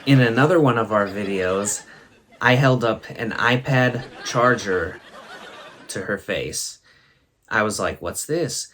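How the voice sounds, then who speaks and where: A man's voice: lowish voice, slow, fairly bright tone, slight background noise. A man hosting a comedy show, telling funny stories to the camera and laughing as he talks. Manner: chuckling, laughing through his stories. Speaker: host. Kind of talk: comic storytelling to camera.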